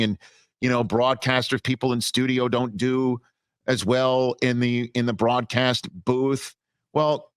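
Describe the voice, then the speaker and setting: A male sports broadcaster as an interview guest, telling stories in a lively, casual way with frequent restarts. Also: medium pitch, no room sound. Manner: animated storyteller with many restarts.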